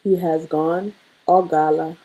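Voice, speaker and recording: A woman's voice: low-pitched, steady tone, slow, warm tone, muffled recording. A woman building a language study sheet on screen, thinking aloud, muttering and correcting herself as she types practice phrases. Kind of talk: casual screen-share lesson, thinking aloud.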